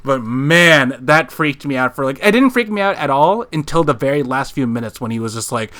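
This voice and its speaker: A man's voice: mid-range voice, lively intonation, a little fast, a bit bright. A man co-hosting a podcast in a living room, telling a story in a rambling way with many fillers and restarts. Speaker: podcast co-host. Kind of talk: casual chat.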